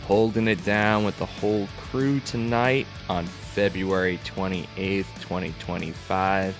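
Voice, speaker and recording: A man's voice: low-pitched, fairly even intonation, measured pace, music in the background. A man hosting a casual livestream podcast, opening with an upbeat welcome. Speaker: host.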